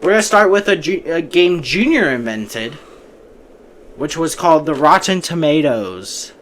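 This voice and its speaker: A man's voice: a little high, animated, measured pace, fairly bright tone, slight background noise. A man hosting a casual movie podcast, giving breezy opinions and often restarting his sentences. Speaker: podcast host.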